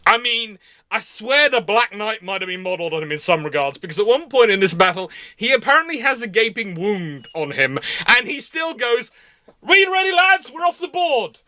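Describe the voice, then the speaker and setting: A male naval history presenter tells the story in an informal, enthusiastic lecture, often restarting his sentences. His voice sits high and sounds bright and forward. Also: sing-song, fairly quick.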